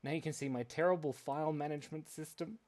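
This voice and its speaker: A man's voice: on the high side, fast, darkish tone. A man hosting a live drawing stream for kids, chatting playfully and rambling with self-mocking jokes. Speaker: livestream drawing host for kids. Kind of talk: casual live-stream chat.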